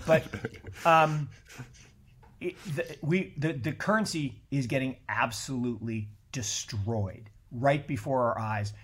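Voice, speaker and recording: A middle-aged man speaks as a podcast guest in an easy, unscripted conversation. His voice sits in an ordinary middle pitch, and he talks in a blunt, animated way, swearing freely and tripping over restarts as his thoughts rush ahead. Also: moderate pace, a little hiss or hum. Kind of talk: casual conversation.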